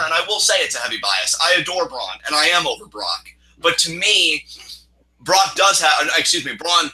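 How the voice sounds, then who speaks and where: A man's voice: a little high, bright, forceful tone, rough recording. A young man co-hosting a wrestling show, ranting heatedly with lots of swearing in a casual chat. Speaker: wrestling podcast co-host. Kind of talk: opinion rant, casual chat.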